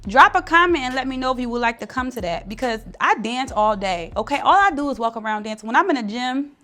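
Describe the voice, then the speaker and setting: A woman's voice: on the high side, animated, fast talker, pushed and bright. A woman giving casual motivational talk to camera, blunt and slangy, with lots of emphatic stress. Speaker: spiritual content creator.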